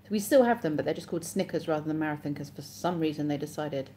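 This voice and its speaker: A woman's voice: low-pitched, fast, dark tone, a little hiss or hum. An English woman hosting a casual live stream, chatting and reading viewer comments aloud with frequent laughs. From England.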